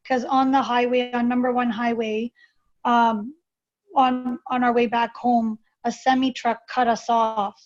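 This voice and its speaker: A woman guest telling a personal story in an interview, halting and hesitant with many fillers and restarts. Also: on the high side, flat delivery. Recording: dull lo-fi recording.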